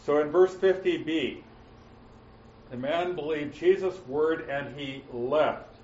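A man teaching verse by verse through a Bible passage, with frequent "uh" fillers and slowing down to stress quoted words. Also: on the high side, darkish tone, a little hiss or hum. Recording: roomy, muffled, mic at a distance.

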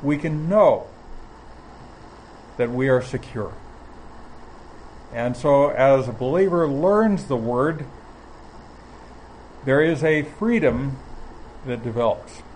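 A man teaching from the Bible in a measured, explanatory way, often pausing mid-phrase. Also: mid-range voice, expressive, darkish tone, slight background noise, rough recording. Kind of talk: sermon.

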